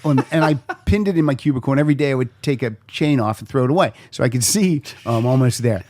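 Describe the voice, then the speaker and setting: Telling anecdotes during a relaxed podcast chat, the host brings them to life by acting out each character's voice. His voice is mid-range and his pace quick.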